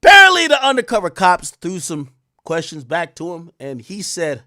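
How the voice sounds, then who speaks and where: A young man hosts a sarcastic commentary rant. His voice sits high and bright and leaps all over the place, from loud mocking outbursts to low asides. The sound is dry and close, with no room echo. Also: wildly swooping pitch, normal speed. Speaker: commentary show host.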